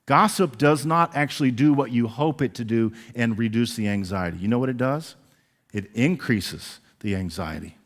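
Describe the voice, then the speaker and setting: Animated pastor preaching in an echoing church. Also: male voice, mid-range voice, moderate pace. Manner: animated, acts out quoted voices. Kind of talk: sermon. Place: church sanctuary. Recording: long reverb of a large church hall.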